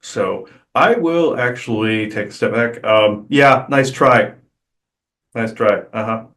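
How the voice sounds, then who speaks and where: A man channeling on a spiritual podcast, talking casually and haltingly with many "uh" fillers and restarts. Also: mid-range voice, fairly bright tone. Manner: hesitant, many "uh" fillers, rambling.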